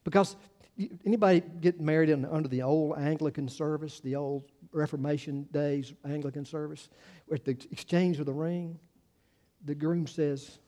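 Chatty pastor with a higher voice. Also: male voice, steady tone, moderate pace, warm tone. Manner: informal and chatty, many fillers and restarts; wry asides to the congregation. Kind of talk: conversational sermon.

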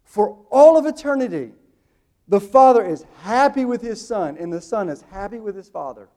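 High-voiced preacher man, dynamic delivery. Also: expressive. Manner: swings from loud slow emphatic quotes to quick hushed asides. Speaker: pastor. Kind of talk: sermon.

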